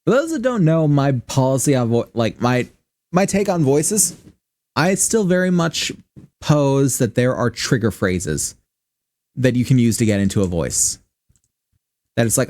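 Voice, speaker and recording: This is a dry recording of a man with a mid-range, darkish voice. He's from Michigan, speaks with a general Midwestern American accent, and gives casual game-stream commentary, rambling, cursing frequently and thinking out loud.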